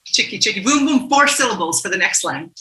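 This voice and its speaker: A woman's voice: medium pitch, animated, brisk, pushed and bright. Woman facilitator, upbeat and playful, calls on people by name; video call audio in an echoey room. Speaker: facilitator leading a warm-up game.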